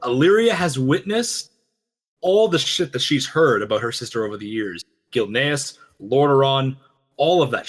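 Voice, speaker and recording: A man co-hosting a game lore reaction show, talking fast and animatedly, acting out quoted lines. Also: a little high, a bit bright. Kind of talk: casual chat, lore analysis.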